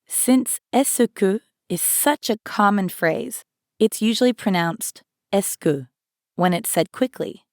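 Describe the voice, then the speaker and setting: A woman co-hosts a language lesson at a slow, even pace. She speaks each phrase clearly and carefully for learners. The sound is close and dry. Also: mid-range voice, no room sound. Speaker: language teacher. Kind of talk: scripted lesson narration.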